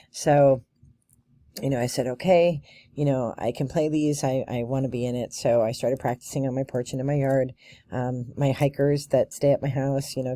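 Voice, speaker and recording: A woman's voice: extremely low pitch, warm tone, no echo, clean studio sound. A woman vlogging in a casual chat, a chatty storyteller who laughs often and fills her talk with "you know" and "um". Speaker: bagpiper and vlogger.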